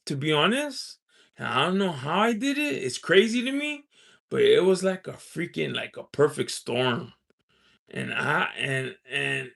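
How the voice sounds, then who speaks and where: A man's voice: medium pitch, creaky, fairly bright tone. A man hosting a casual live stream, telling a story in a rambling way full of "you know" and "um", laughing often and reading out and answering viewer chat. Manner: laughs often while talking.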